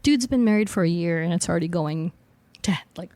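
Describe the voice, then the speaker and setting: A woman's voice: on the low side, brisk, dark tone. A woman co-hosting a podcast, casually and animatedly retelling a comic story with frequent laughs and slangy asides. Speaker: podcast co-host. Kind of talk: casual chat recapping comics.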